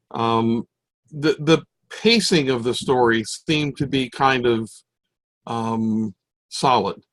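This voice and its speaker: A man giving a spoken evaluation of a speech over a video call, friendly and halting, with many fillers. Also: medium pitch, fairly bright tone, no room sound, low-quality recording. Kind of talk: online club speech evaluation.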